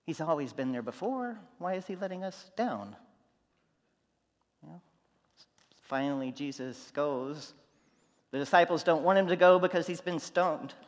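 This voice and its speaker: A man preaching a sermon, telling stories, going from loud and animated to quiet and soft. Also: a little high, unhurried, pauses often, long reverb tail. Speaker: pastor.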